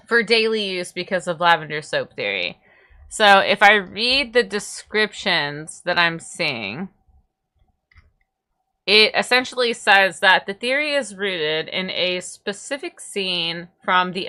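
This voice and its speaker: A woman's voice: on the low side, sharp tone. A young woman streamer chatting casually, rambling and tripping over her words. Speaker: VTuber streamer. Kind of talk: casual livestream chat.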